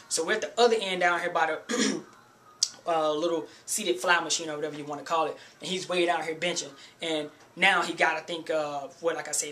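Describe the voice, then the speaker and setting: A man's voice: fairly high pitch, sharp tone. A man vlogging in a loose, chatty way, telling a gym story and warning beginners to use a spotter. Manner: loose and chatty, keeps saying "you know" and "man". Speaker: fitness vlogger. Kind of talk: casual storytelling to camera.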